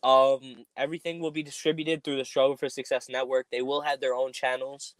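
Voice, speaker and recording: A man's voice: medium pitch, level tone, brisk, no echo. A man hosting a casual podcast, rambling with lots of ums while making announcements. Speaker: podcast host.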